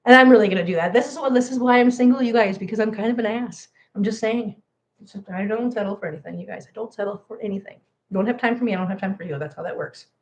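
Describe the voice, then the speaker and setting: A woman's voice: medium pitch, fast talker. A chatty American woman hosting a casual cat channel livestream, joking about herself and laughing often. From United States. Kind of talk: casual live chat to viewers.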